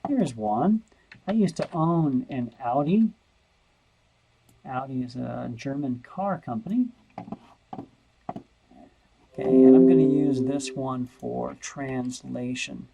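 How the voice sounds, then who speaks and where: Slow, gravelly-voiced male math teacher. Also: medium pitch, noisy background. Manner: slow, thinking aloud, repeats words while searching. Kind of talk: screen-recorded lesson walkthrough.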